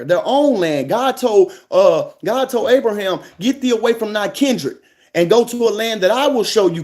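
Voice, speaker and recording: Man, high voice, emphatic preaching cadence, repeats key lines, live monologue. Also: a little mellow.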